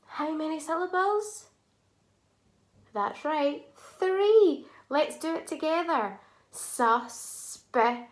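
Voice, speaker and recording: A woman teaching a phonics lesson to young children, sounding out words slowly and clearly and praising often. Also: high-pitched, lively intonation.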